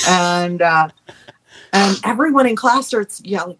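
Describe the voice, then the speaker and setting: A woman from New York, a podcast guest, chatting casually and telling lively stories. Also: lowish voice, moderate pace, breathy edge. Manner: animated storyteller. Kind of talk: casual chat.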